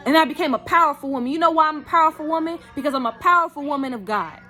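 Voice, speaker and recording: A woman's voice: high voice, very fast, pushed and bright, faint music behind. A woman giving an impassioned personal testimony on her vlog, emphatic and preachy, calling out to "y'all". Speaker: vlogger.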